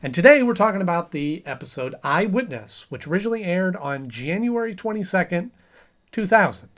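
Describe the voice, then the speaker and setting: A chatty man in his thirties hosts a casual review of an old cartoon in a somewhat high voice. He talks with relaxed enthusiasm. He now and then acts out lines in playful voices. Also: a little fast. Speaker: host of a cartoon review show.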